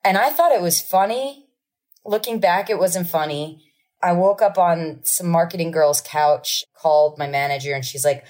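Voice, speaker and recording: A woman from New Jersey, a guest musician, telling anecdotes in a casual, animated way and acting out quotes. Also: low-pitched, moderate pace. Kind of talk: casual storytelling.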